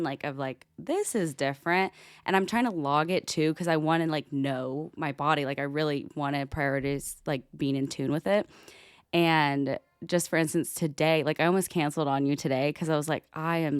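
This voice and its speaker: A young woman with a very low voice, chatting easily on a podcast. She fills her talk with "like" and slips into little impressions of the people she quotes. The recording is dry and close, with no room sound. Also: smooth, dry recording. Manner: chatty, heavy use of "like", acts out quoted conversations. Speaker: podcast co-host. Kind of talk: casual chat.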